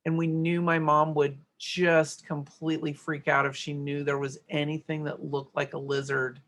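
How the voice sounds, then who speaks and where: A woman's voice: deep voice, flat delivery, moderate pace. A middle-aged woman teaching a grammar worksheet lesson, explaining step by step and checking in with "right?".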